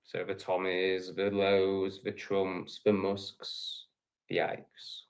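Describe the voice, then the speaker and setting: This livestream host, an Englishman with an English accent, delivers an angry, repetitive rant laced with profanity. Oddly, his low voice stays completely flat and moves extremely slowly.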